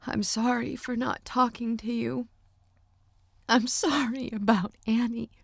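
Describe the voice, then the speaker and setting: A woman narrator voicing a shy, tearful young woman artist in an audiobook, speaking in a halting, strained way. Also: fairly low pitch, creaky, darkish tone, no room sound, clean studio sound. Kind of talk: audiobook character voice.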